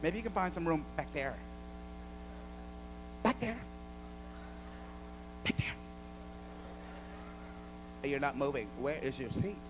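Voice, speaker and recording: A man voicing a prim, prissy female flight attendant in a hushed, clipped manner. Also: fairly high pitch, lively intonation, slow pace, pauses often, background noise, pitched below the performer's own voice. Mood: condescending.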